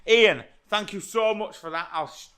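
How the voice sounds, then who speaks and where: A man hosting a car channel, chatting casually and excitably with a rambling, jokey manner in a garage. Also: high-pitched, moderate pace, clean tone. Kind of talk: casual chat to camera.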